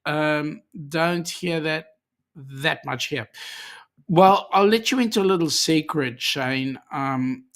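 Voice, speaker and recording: Slow-talking Australian-accented host. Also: male voice, a little high, fairly bright tone. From South Africa. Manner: reads viewer comments aloud, chatty, many ums. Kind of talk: livestream chat.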